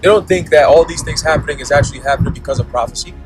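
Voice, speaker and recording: A man's voice: a little high, very fast, soft background music, poor audio. A man giving a blunt, profane preaching monologue, constantly checking in with "okay?" and "all right?". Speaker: religious commentator.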